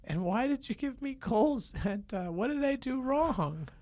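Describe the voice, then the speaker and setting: A man's voice: very high-pitched, expressive, measured pace, darkish tone, pitched above the performer's own voice, full character voice. A man playing a kid in an improv comedy scene, teasing and mocking Santa, laughing mid-sentence. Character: kid annoyed at getting coal from Santa.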